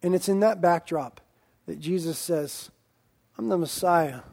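A man preaching a sermon as pastor, with emphatic, drawn-out lines that swing between loud declarations and quiet asides. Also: a little high, gravelly.

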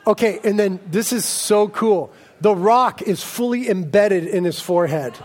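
Man, pastor, sermon, high voice, energetic, jokey. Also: unhurried. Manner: energetic, jokey, animated storytelling.

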